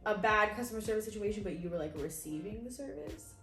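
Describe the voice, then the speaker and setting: A young woman hosting a casual storytime chat, chatty with quick reactions and fillers. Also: mid-range voice, expressive, a bit bright, faint music behind. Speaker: host. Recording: echoey room.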